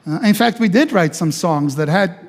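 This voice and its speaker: An older pastor tells his personal testimony with animated storytelling, stumbling over restarts and acting out the voices he quotes. His voice sits fairly high for a man. It rings with the long reverb of a church hall. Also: normal speed.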